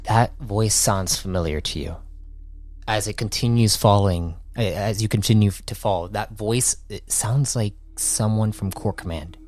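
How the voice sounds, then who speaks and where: A man narrating as game master, slowly and loosely, often restarting his sentences. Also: on the low side, darkish tone, no echo. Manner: slow, with restarts and hedging "like".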